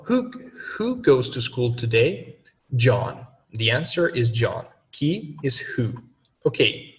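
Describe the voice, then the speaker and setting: Man, language teacher, mid pitch, halting with fillers and self-corrections, distant from the mic, long echo. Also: very animated. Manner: many fillers and self-corrections, slows down for examples. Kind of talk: explaining grammar to learners.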